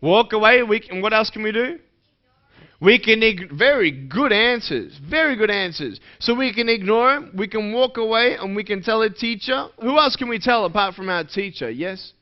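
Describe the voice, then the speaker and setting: In a dull lo-fi recording, a male motivational speaker with a high, animated voice talks at a moderate pace. His speech to schoolchildren is playful, and he asks the audience questions.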